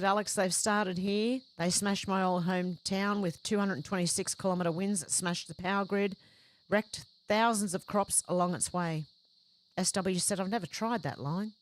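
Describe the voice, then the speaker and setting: A woman hosting a livestream, reading out viewers' chat comments one after another and adding short conversational reactions of her own. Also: medium pitch. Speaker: livestream host.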